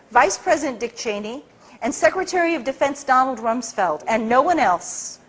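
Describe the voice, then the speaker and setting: A middle-aged woman speaking to an audience, telling a story in an animated way and acting out the people she quotes. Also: slightly rough. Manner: acts out quoted people with big pitch jumps. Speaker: speaker at a public talk.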